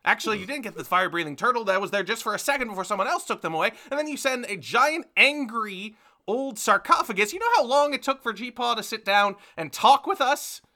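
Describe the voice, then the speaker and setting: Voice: mid-range voice, big pitch swings, moderate pace, sharp tone, breathy edge, exaggerated voice. A game master voicing a fussy middle-aged mother who rants at her son and then politely hosts his friends. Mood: exasperated scolding.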